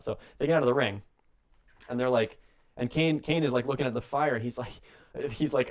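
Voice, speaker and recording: Rambling, jokey young man telling a story. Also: mid-range voice. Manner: rambling, jokey, acts out bits in quick put-on voices. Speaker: podcast co-host. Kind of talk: comedic storytelling on a radio show.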